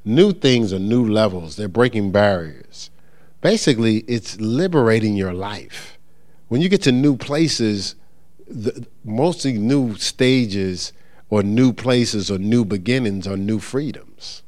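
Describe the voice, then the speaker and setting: Speaking slowly in a lowish voice, a middle-aged pastor teaches his church congregation in a relaxed, informal way. He animatedly acts out churchgoers and callers, and his conversational talk is full of check-ins with the audience.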